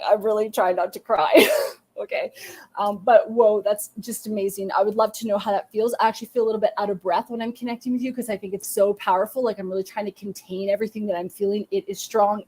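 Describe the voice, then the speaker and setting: Gushing woman psychic host. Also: on the high side. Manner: soft, emphatic, gushing with many fillers. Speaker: psychic medium and podcast host. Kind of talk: live-streamed intuitive reading.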